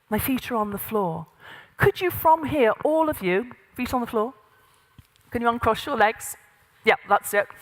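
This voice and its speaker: A middle-aged woman leading an interactive workshop, giving directions and demonstrating exercises to a group in a large room. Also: fairly high pitch. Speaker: voice and presence coach. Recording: long reverb of a large hall.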